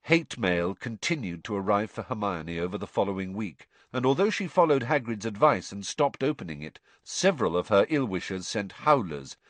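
A man reading an audiobook with expressive storytelling. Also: lowish voice, dry recording. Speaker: narrator.

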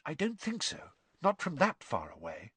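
A man's voice: a little high, huge pitch swings, moderate pace, sharp tone, husky, dry recording, pitched above the performer's own voice, heavily acted. A man voicing an impatient, know-it-all teenage schoolgirl who speaks precisely.

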